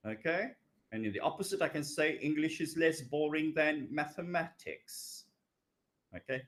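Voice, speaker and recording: A man's voice: on the high side, normal speed, fairly bright tone. A man teaching an English grammar lesson, drawing out his words and checking in with "okay" and "yeah" as he goes. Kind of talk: recorded grammar lecture.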